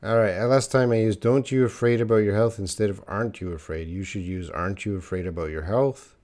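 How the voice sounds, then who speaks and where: A man's voice: lowish voice, fairly quick, a little mellow. Chatty man teaching English live. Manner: chatty, answers viewers' questions with playful teasing. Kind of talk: live-streamed English lesson.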